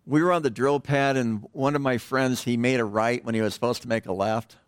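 A middle-aged man giving a conversational sermon as pastor in a church, wandering off on tangents and letting his voice sink to a hush at the ends of phrases. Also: medium pitch, steady tone, brisk, clear, resonant tone, dry recording, studio quality.

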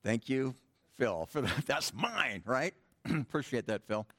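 A man's voice: mid-range voice, animated, measured pace, no room sound. A middle-aged man preaching a sermon in church, teaching a Greek grammar point with casual, joking asides to the congregation. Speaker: pastor. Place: church sanctuary.

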